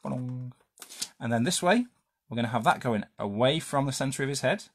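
A man's voice: medium pitch, animated, fast, a little hiss or hum. A man leading a live drawing lesson for children, chatty and playful, asking questions and making silly sound effects.

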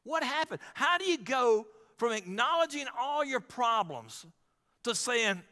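A man's voice: extremely high pitch, big pitch swings, measured pace, bright, forceful tone, in a large hall. A man pastor preaching a sermon in a conversational way, calling out to the congregation.

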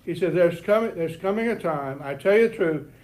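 A man's voice: high voice, lively intonation, fairly quick, a little mellow. Man teaching Sunday school. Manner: repeats words and restarts, admits a lifelong stutter. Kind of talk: Bible lesson to a class. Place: church classroom before a group.

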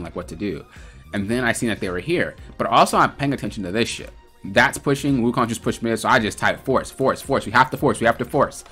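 A man coaching over gameplay footage in a relaxed, profane way, recounting his own calls. His voice sits fairly low, but its tone is bright and forceful. Faint music plays beneath him. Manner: loose and profane, retelling his in-game calls. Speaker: gaming coach. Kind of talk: casual gameplay commentary.

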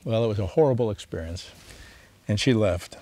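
Lively man lecturing on counseling. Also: fairly low pitch, brisk. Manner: animated, asks the class rhetorical questions. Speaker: pastor teaching a seminary lecture. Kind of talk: lecture, reading a story aloud.

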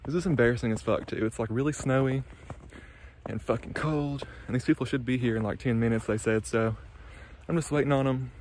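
The vlogger's voice here is medium-pitched, a little fast, and a little mellow, with slight background noise. He rambles and swears constantly to camera, full of "like" and "y'all," moving from his car and the snowy roadside to a parked truck.

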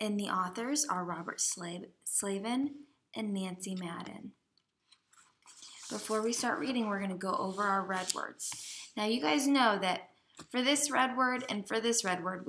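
Her mid-range voice is creaky and a bit bright. This kindergarten teacher reads a simple story aloud to young children, spelling out words letter by letter in a slow lesson.

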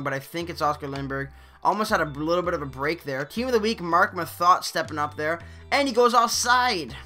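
A young man hosting a gaming channel, giving casual live commentary on his own hockey game and swinging between loud outbursts and low mutters.

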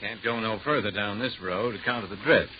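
An actor playing a plain-spoken rural sleigh driver in a 1940s radio drama, on a dull old broadcast recording. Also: male voice, fairly low pitch, fairly quick, a little hiss or hum, close to an everyday voice. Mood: matter-of-fact. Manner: homespun, plain-spoken drawl.

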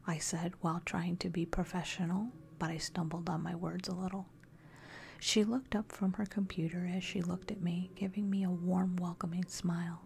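A woman narrating a scary story in a soft, steady whisper. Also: lowish voice, normal speed, vocal fry, a little hiss or hum.

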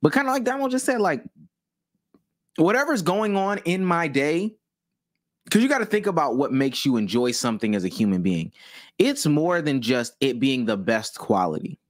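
Halting young man thinking aloud. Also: a little high, big pitch swings, no echo, clean studio sound. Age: young adult. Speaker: podcast co-host. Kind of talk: casual debate chat.

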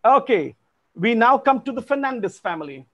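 Man, quizmaster, high-pitched voice, formal polite manner, video call mic. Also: very animated, normal speed, fairly bright tone, highs cut off. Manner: formal and polite, addresses players as sir. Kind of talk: hosting an online family quiz.

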